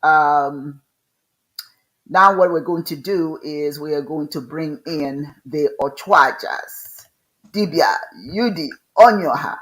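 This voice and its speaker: A woman's voice: sits low, slow, poor audio. A woman hosting a live online show, giving earnest, loose spiritual advice over a video call. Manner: earnest, advising, loose and conversational. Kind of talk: casual spiritual advice talk.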